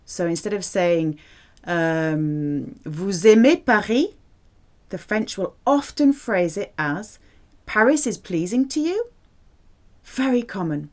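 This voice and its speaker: Woman, French teacher, slow careful pace, lively swooping pitch, drills verb forms. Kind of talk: language lesson.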